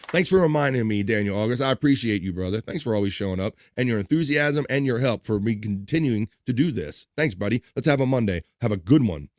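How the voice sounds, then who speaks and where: Reading chat messages aloud and cracking jokes, this man runs a casual, upbeat livestream. His voice is medium-pitched, and there's a noisy background.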